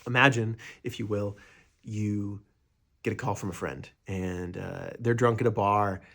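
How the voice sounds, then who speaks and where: A man's voice: fairly low pitch, steady tone, unhurried, creaky, a bit bright. A young man teaching meditation in a casual, rambling way, with many fillers and restarts, sometimes acting out what a friend might say.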